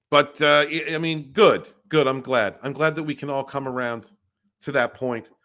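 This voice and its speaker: A man's voice: medium pitch, pushed and bright. A man hosting a casual livestream podcast, chatting nonstop, rambling and greeting viewers in the chat by name.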